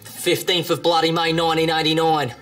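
A man's voice: on the high side, flat delivery, fairly quick, fairly bright tone, faint music behind, lightly acted. A young man playing a teenage lad who fakes a broad Australian accent, giving short, blunt, bluffing answers. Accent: put-on Australian.

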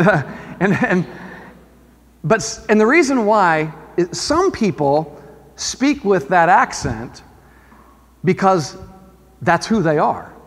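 A man with a notably high voice delivers a sermon to his congregation. He talks in a loose, conversational way and keeps turning to the listeners with questions. His words ring out with a long reverb from the church hall. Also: fairly bright tone. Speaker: pastor. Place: church sanctuary.

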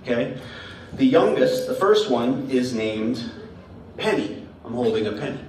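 A man's voice: medium pitch, expressive, measured pace, darkish tone, distant mic, slight background noise. A man giving a children's message in church, playful and laughing as he quizzes the kids with riddles. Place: church sanctuary. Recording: echoey sanctuary heard from afar.

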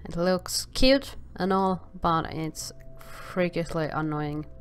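A woman's voice: on the low side, fairly even intonation, slow pace, a little hiss or hum. A woman casually commenting on a video game as she plays, exclaiming often and stammering filler sounds when things go wrong. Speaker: gameplay commentator.

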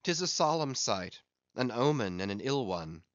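A man voicing a sober, cautious first mate speaking gravely of an ill omen. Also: medium pitch, sing-song, moderate pace, dry recording, muffled recording, lightly acted. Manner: grave, foreboding.

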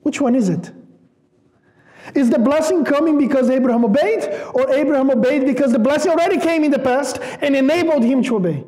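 Very high-voiced pastor. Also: male voice, fairly quick. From Brazil. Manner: emphatic, repeats words for stress; lively with rising questions. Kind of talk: sermon. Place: church.

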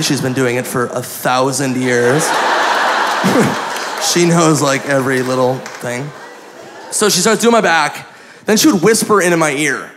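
A man telling a story in a stand-up comedy set, excitable and laughing at his own tale. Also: fairly high pitch. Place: comedy club stage with live audience. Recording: noisy live club recording with crowd laughter.

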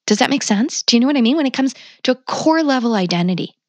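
A woman's voice: fairly high pitch, lively intonation, fast talker, no room sound. A middle-aged woman guest on a podcast, talking candidly and passionately about parenting, blunt and swearing freely. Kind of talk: candid conversational interview.

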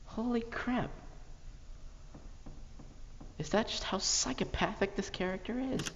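A man hosting a joking let's play, animated and now and then dropping into a whisper. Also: high voice, takes it slowly, long pauses, in a large hall, highs cut off, slight background noise. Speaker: gaming YouTuber.

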